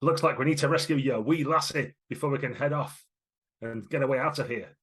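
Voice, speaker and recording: A man's voice: brisk, fairly bright tone, slightly rough. A man voicing a brash, proud woman blacksmith who talks bluntly and teases. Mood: brusque. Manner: blunt, teasing, raised pitch.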